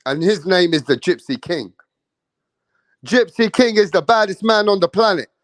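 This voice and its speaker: A man's voice: high-pitched, lively intonation, moderate pace, dry recording. A man quoting a boastful, foul-mouthed heavyweight boxer in a near-natural voice. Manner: boastful, cursing.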